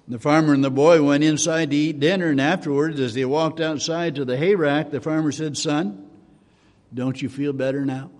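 A man's voice: a little high, fairly even intonation, fairly quick, few pauses, a little mellow. A male pastor giving a folksy, homespun sermon full of stories, recorded with a long hall reverb. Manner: folksy, homespun storytelling with restarts.

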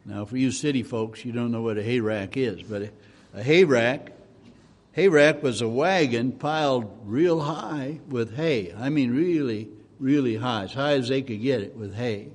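Casting: down-to-earth male preacher telling anecdotes from the pulpit, mid-pitched, big echoing room. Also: normal speed. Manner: folksy, homespun storytelling with restarts. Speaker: pastor. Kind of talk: sermon. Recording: long hall reverb.

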